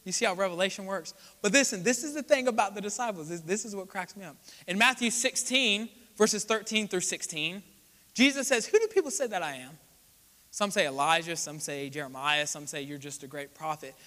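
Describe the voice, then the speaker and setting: A young man preaches to his congregation, his high, bright voice carrying through a church sanctuary with long reverb. He talks in a loose, conversational way, acts out the voices he quotes and keeps turning to the people with asides. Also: expressive, a little fast. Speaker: pastor. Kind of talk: sermon.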